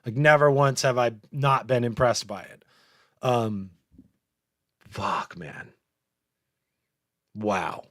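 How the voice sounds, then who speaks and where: A man's voice: medium pitch, animated, slow pace, long pauses, fairly bright tone, no room sound, studio quality. A man hosting a live podcast, chatting casually, laughing often and swearing a lot. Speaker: podcast host.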